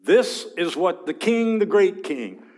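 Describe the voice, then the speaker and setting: An arrogant, prideful field commander of an ancient army calls out boasts in a raised, higher, louder voice, as a Bible teacher puts him on in class. He sneers and mocks with pompous grandeur. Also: animated, slow pace, full character voice. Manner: boastful, mocking, shouting up at city walls. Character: arrogant taunting male Assyrian field commander.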